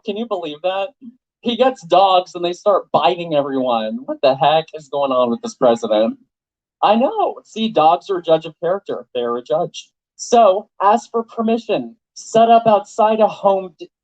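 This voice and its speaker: Animated joking man addressing a crowd. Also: high-pitched, a little slow, highs cut off. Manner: animated, joking, rhetorical questions. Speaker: political activist speaker. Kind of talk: rally speech to a crowd. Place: event venue with live audience.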